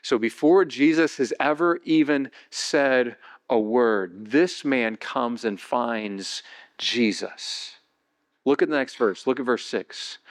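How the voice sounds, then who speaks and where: A male pastor delivers a sermon, vividly retelling a Bible story and rising into excited, high-pitched passages.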